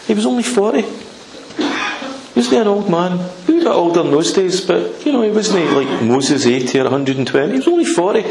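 A man's voice: high-pitched, very animated, moderate pace, creaky, crowd noise. A man preaching an informal sermon in a conversational, emphatic way, acting out scripture scenes. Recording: echoey room with faint noise.

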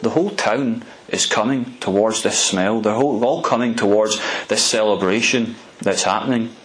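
A man's voice: fairly low pitch, normal speed, rough recording. A man preaching a storytelling sermon in a conversational way, often restarting and repeating words.

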